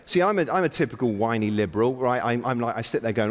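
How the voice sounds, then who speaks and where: A man's voice: mid-range voice, very animated, fast, hardly any pauses. Guy giving a keynote, wry and pushy, big echoey hall. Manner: wry, self-deprecating, exhorting the audience. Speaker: keynote speaker. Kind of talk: conference opening address. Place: large conference hall stage. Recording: long reverb of a big hall.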